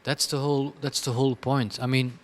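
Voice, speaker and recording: Man, creative director being interviewed, chaotic and blunt, ordinary mid-range pitch. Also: level tone, fairly quick. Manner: chaotic, rambling, frequent restarts and laughs; blunt and self-deprecating. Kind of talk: candid conversational interview answers.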